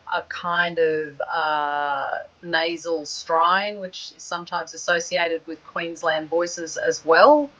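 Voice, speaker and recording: A middle-aged woman with an Australian accent, a broadcast journalist answering interview questions in a measured, reflective way. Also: on the low side, bright, forceful tone, low-quality recording.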